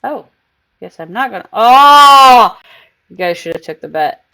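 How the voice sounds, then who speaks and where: A woman's voice: lowish voice, expressive, fairly quick, creaky. A woman streaming a game live, chatting casually and cooing baby talk to her cat between comments on the game.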